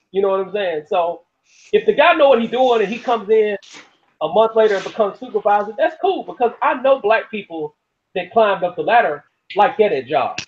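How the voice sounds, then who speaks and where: High, lively-voiced blunt man. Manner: blunt, profane, repeats "you know what I'm saying". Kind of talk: casual chat. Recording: dull lo-fi sound.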